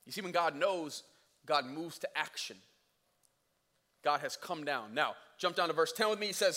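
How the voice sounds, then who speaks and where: A male pastor preaching a sermon in a conversational, energetic way, acting out scripture scenes. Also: fairly high pitch, moderate pace, pauses often. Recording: echoey church hall.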